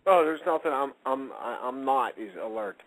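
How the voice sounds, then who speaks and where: A man's voice: medium pitch, expressive, moderate pace, fairly bright tone, low-quality recording. A man hosting a comedy hockey radio show, goofy and playful in his delivery. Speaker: host. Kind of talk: casual comedic chat.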